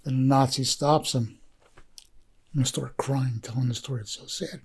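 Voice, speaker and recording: A husky, medium-pitched male voice with fairly even intonation and normal speed belongs to a documentary filmmaker guesting on a podcast. His casual storytelling is heartfelt and meandering, packed with fillers and restarts.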